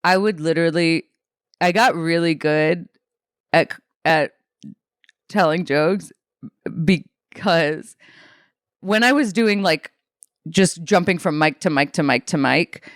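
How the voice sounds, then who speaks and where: A woman's voice: lowish voice, takes it slowly, long pauses, dry recording, studio quality. A young woman from Alaska, a comedian, telling stories casually in an interview, swearing often and acting out what people said. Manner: animated, swearing, acts out quotes in other voices. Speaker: comedian guest.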